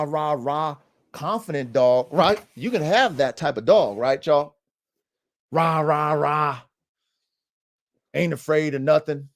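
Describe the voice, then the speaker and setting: A man hosting a dog podcast, talking casually and animatedly in slang, calling listeners family and bro. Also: on the high side. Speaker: podcast host and dog trainer.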